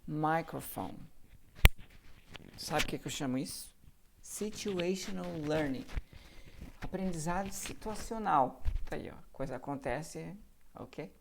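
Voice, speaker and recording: A woman's voice: deep voice, animated, unhurried, creaky, pauses often, noisy background. A woman with a Brazilian Portuguese accent, teaching English vocabulary in a pronunciation drill, carefully modeling each word for students to repeat. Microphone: handheld or desk microphone.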